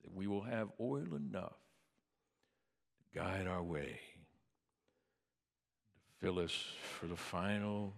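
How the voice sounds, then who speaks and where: A man preaching a sermon in a church, swinging from hushed tones to booming cries. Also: slow, vocal fry, long pauses, in a large hall.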